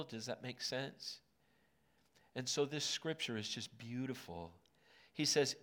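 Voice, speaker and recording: A man in his late fifties preaching a sermon in a conversational way, with asides to the congregation and a soft, gentle tone on key words. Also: mid-range voice. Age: 50s. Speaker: pastor. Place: auditorium.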